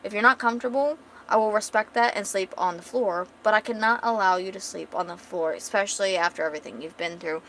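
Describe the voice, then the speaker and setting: A woman's voice: mid-range voice, quick pace, a bit bright, slight background noise, close to an everyday voice. A woman voicing an earnest, protective young man who stammers when flustered. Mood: insistent. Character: injured, shy young male hero, earnest and teasing.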